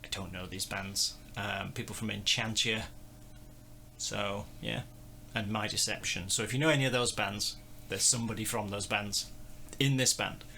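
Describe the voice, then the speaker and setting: Guy rambling thru a band review, gravelly low-ish voice but kinda bright, laughs at himself. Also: fairly even intonation, normal speed, slight background noise. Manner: rambling, self-deprecating, chuckling. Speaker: host. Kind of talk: casual music review chat.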